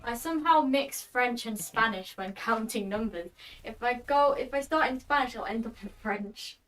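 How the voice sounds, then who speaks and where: A woman's voice: a little high, normal speed, a bit bright, far from the mic, poor audio. A woman, the streamer's daughter, chatting casually in a hesitant, unsure way. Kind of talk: casual chat. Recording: voice from off-mic.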